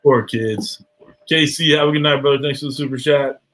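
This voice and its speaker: A man's voice: mid-range voice, fairly even intonation, a little fast, a bit bright, rough recording. Brief: male livestream host, loose banter, curses freely, slight hiss behind. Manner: loose, swearing, laughing banter. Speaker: live show host. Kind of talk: casual live-stream chat.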